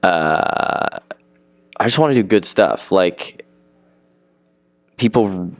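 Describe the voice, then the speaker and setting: Deep-voiced eager teenage boy actor. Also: expressive, takes it slowly, no room sound. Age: teens. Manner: eager, rambling, repeats himself. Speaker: actor being interviewed. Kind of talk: casual interview chat.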